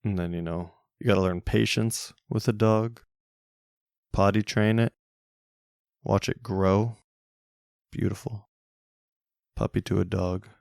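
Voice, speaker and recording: A man's voice: on the low side, fairly even intonation, slow pace, creaky, pauses often, darkish tone, no room sound, clean studio sound. A young man hosting a solo podcast, rambling casually with jokey, self-mocking, crude humor. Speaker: podcast host.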